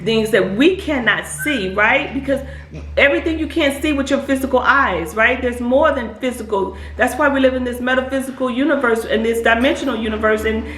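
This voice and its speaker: A woman giving earnest, repetitive spiritual advice to parents, often pausing to check in with her listeners. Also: fairly high pitch, a bit bright. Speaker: hypnotist and spiritual advisor. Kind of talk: casual advice talk to camera. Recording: echoey room with faint background noise.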